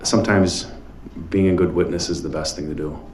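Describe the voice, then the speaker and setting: A man with an extremely low voice answers questions on the witness stand in short, measured replies. The courtroom echo is roomy, and faint room noise sits underneath. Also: steady tone. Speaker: police officer testifying as a witness. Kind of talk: witness testimony. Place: large courtroom.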